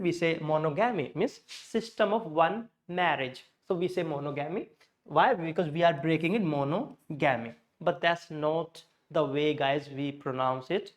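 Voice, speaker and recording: Emphatic man with an Indian English accent. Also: sits high. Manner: emphatic, repeats words slowly to drill stress. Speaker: English pronunciation teacher. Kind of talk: spoken English lesson.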